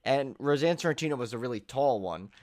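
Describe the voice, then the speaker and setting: A middle-aged man talks quickly and loosely on a podcast, hopping between thoughts with lots of "like" and restarts. His voice sounds dry and close, with almost no room around it. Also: medium pitch, dry recording. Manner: rambling, animated, lots of "like" and restarts. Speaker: podcast co-host. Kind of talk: casual chat.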